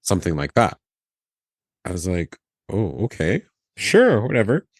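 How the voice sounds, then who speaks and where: A man with a deep voice tells a story from his years as cabin crew in a casual podcast chat. His pitch swings widely as he acts out the lines of each person. The sound is dry and close to the mic. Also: measured pace, no room sound. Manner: animated, acts out quoted dialogue, laughs often. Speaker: podcast host, former flight attendant.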